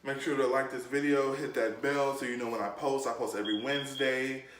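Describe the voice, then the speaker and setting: A young man telling a storytime vlog story, animated and jumping into different voices for the people he quotes. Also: mid-range voice, fairly quick, distant mic, slight background noise. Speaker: YouTube storyteller. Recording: roomy echo, off from the mic.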